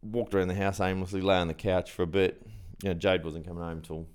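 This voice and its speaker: A man's voice: deep voice, flat delivery, fast, darkish tone, smooth. A middle-aged man with an Australian accent, telling a story on a podcast with laughs and acted-out quotes. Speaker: podcast co-host. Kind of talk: casual chat.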